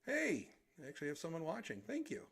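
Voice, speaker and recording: Goofy man with a gravelly voice. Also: fairly high pitch, wildly swooping pitch, fast talker, fairly bright tone. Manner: goofy, rambling, hums while drawing. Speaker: streamer and artist. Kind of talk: casual live drawing stream. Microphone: desk microphone.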